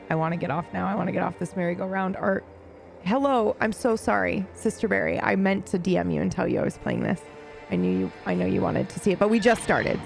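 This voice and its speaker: Casual gamer streaming, lots of vocal fry, swears a bit, faint music playing. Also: mid-range voice, a little mellow. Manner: chatty, reactive, swears casually. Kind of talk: casual let's play commentary. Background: faint game music.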